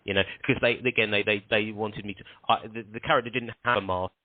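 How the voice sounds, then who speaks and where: A man's voice: fairly low pitch, steady tone, quick pace, dry recording. Guy telling rambly stories in a chat, keeps restarting, tinny dry phone sound. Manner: rambling anecdotes, frequent restarts. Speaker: guest. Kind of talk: casual interview chat.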